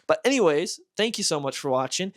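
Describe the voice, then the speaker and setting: Young male vlog host, slightly high voice, enthusiastic comic reviewer. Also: animated, a little fast. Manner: enthusiastic, gushing.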